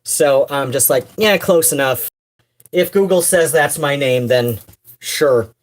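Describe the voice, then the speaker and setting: A woman's voice: very deep voice, a little slow. A woman streamer chatting casually on a livestream, rambling with many fillers, restarts and wry asides.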